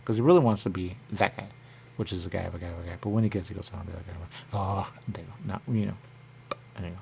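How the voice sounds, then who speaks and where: A man talks on his own as a radio host, his voice very deep with a gravelly fry. He rambles in loose circles and keeps coming back to the same catchphrase. A faint noise sits under the recording. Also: warm tone. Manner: rambling, repeats "there you go" constantly; acts out others in a high voice. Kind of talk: rambling solo talk.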